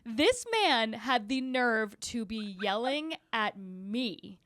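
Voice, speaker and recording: A pregnant woman in her thirties co-hosting a podcast, telling a story in animated, swearing bursts and acting out what people said. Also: a little high, slow pace, no room sound, clean studio sound. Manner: animated storytelling, swears freely, acts out quotes. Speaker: podcast co-host. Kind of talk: casual chat.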